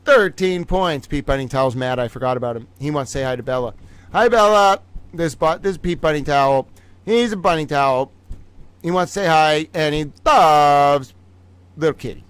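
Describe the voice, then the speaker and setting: A man's voice: a little high, moderate pace, smooth. A man hosting a casual live-stream trivia game, playful and chatty, laughing often between phrases and chatting to his toys. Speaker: livestream host running a trivia game.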